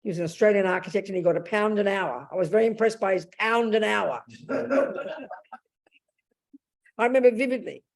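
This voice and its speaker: Woman, 70s, Buddhist teacher; frank and down-to-earth, restarts sentences, mid-pitched voice. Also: brisk, pauses often. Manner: blunt, plain-spoken, frequent restarts; acts out inner speech vividly. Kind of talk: Buddhist dharma talk.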